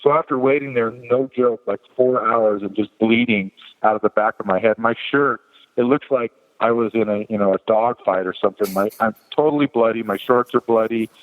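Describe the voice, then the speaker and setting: A podcast guest tells an animated personal story at a fairly quick clip, his voice lively and jumping higher whenever he acts out quoted people. The audio comes through a tinny, phone-like line with long reverb.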